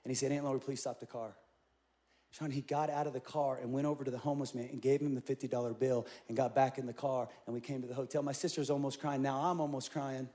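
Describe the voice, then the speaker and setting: A middle-aged male pastor preaching a sermon, telling a story with lively acted-out quotes. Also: medium pitch. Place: large church auditorium.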